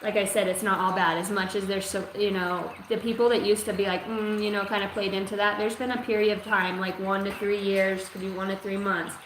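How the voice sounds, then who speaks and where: A woman's voice: mid-range voice, level tone, a little fast, hardly any pauses, fairly bright tone. Woman psychic reader, casual and foul-mouthed, rambling livestream delivery, roomy echo. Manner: casual, profane, rambling with many fillers. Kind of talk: livestream channeled oracle reading. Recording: echoey room with faint ambient noise.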